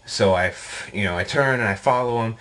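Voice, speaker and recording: A young man video blogger telling a story casually, rambling and animated, with lots of fillers. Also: lowish voice, a little fast.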